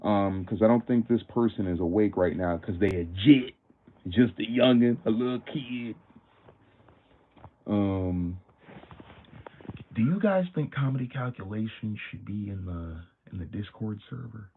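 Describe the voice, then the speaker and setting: Brief: lower-pitched male streamer, slangy and animated, tinny phone-like audio. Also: a little slow, husky. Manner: animated, slangy, many fillers. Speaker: livestream host. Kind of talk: casual livestream storytelling.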